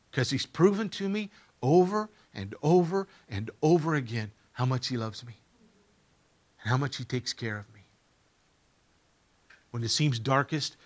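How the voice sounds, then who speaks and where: Middle-aged male preacher, bright tone, sermon delivery, dynamic from hushed to booming, repeats for emphasis. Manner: swings from quiet to loud, emphatic repetitions. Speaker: pastor.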